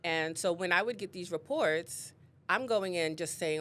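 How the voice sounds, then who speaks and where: A woman's voice: lowish voice, normal speed. Woman telling stories as an interview guest. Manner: animated storyteller, acts out quotes. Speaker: guest, real estate leader. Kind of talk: casual interview storytelling.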